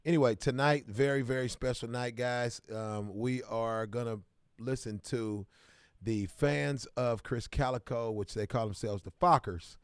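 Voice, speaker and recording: A Midwestern man chats loosely on a livestream at an average pitch, calling out viewers by name and jumping into hyped greetings. His voice sounds close and dry, with no room echo. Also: steady tone, measured pace, clean tone. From Kansas City, American Midwest. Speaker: livestream host. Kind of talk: casual livestream chat.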